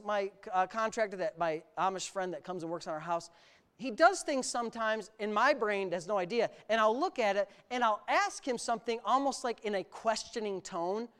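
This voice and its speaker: A male pastor preaching an animated sermon, exclaiming often and laughing through his stories. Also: high voice, clear, resonant tone.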